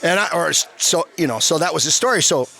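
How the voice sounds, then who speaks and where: Podcast guest, man in his fifties, raised pitch with a sharp edge; rambling, profane storyteller. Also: lively intonation, fast talker, vocal fry. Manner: rambling, profane, frequent restarts. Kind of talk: casual storytelling.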